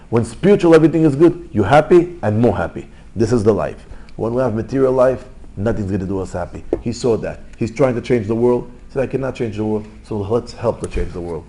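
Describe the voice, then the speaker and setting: Rabbi, middle-aged, mellow voice, animated storyteller swinging loud to hushed. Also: male voice, medium pitch. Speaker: rabbi giving a Torah class. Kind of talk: Torah class storytelling.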